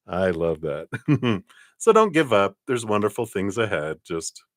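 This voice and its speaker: A man's voice: lowish voice, sing-song, unhurried, no room sound, studio quality. A man giving a live-streamed tarot reading, chatty and laughing often, with lots of ums and you-knows. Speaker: tarot card reader.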